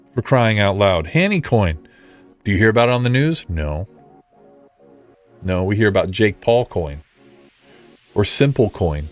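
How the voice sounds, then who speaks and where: A man hosting a casual livestream, ranting in an animated way, repeating himself and making sarcastic asides. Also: on the low side. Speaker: livestream host. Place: home streaming setup.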